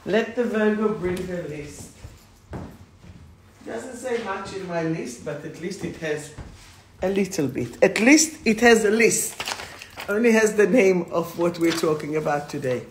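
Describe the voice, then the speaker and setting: A woman's voice: fairly low pitch, lively intonation, a little slow, slight background noise. A woman hosting a live stream as a spiritual coach, talking casually and rambling, greeting viewers by name as she goes. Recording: roomy echo.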